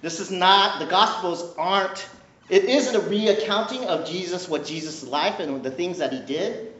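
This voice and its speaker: A man's voice: high-pitched, normal speed. A male pastor preaching a sermon in a conversational, playful way, often checking in with "right?". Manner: conversational, animated, keeps asking "right?"; playful, jokes with the congregation. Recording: echoey room, dull lo-fi sound.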